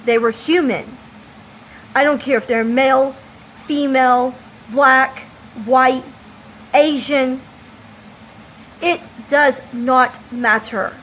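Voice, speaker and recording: A woman's voice: sits high, steady tone, fairly bright tone, a little hiss or hum, low-quality recording. A woman from the United States speaking an emphatic, impassioned opinion monologue as a vlogger. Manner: impassioned, emphatic, slow deliberate delivery.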